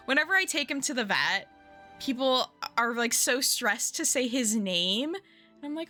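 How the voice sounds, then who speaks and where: A young woman chats casually with her stream viewers from home. She rambles and giggles, her voice bright and lively as it swoops up and down. Quiet music plays beneath her. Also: a little high, a little slow. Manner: chatty and giggly, lots of likes and you knows. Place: at home, indoors.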